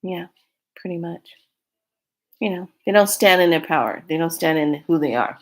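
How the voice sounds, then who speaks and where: A woman's voice: lowish voice, animated, normal speed. A woman vlogger telling a dream story casually and animatedly, laughing and acting out quotes.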